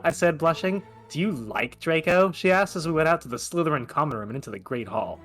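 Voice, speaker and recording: A man's voice: mid-range voice, lively intonation, normal speed, a bit bright, soft background music. A man doing a comic read-aloud of a fan story, making wry asides and laughing often. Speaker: co-host reading aloud. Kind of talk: comic dramatic reading with asides.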